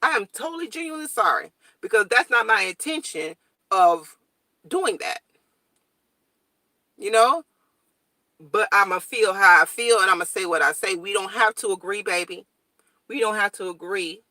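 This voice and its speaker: A young woman chats to her viewers in a casual morning vlog, blunt and straightforward. Her voice is bright and sharp. The sound is dry and close, with no room echo. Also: medium pitch, moderate pace, long pauses. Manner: blunt, straightforward, animated storytelling. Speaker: vlogger.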